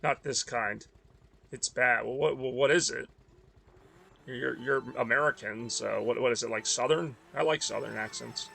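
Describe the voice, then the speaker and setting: A man's voice: medium pitch, moderate pace, creaky, sharp tone. A man from the Northeast US, tired and rambling in casual chat while streaming a racing game. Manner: rambling, self-deprecating, mumbly asides.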